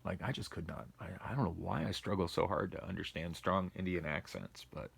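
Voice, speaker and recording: A man's voice: deep voice, a little fast, vocal fry, fairly bright tone, breathy edge. A man vlogging from home on a phone, rambling and complaining wearily in a casual monologue. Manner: weary, complaining, meandering with restarts. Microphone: phone camera.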